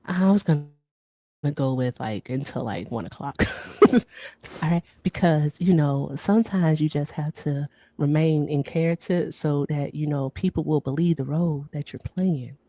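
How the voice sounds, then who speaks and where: A woman's voice: deep voice, moderate pace, warm tone, no room sound. A woman hosting a casual livestream, chatty and upbeat, who keeps repeating stock phrases and laughs often. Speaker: livestream host.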